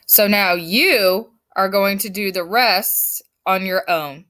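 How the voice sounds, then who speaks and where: A woman's voice: medium pitch, slow, few pauses, fairly bright tone. A woman teaching her fifth grade class in a recorded lesson, firm and emphatic as she explains step by step.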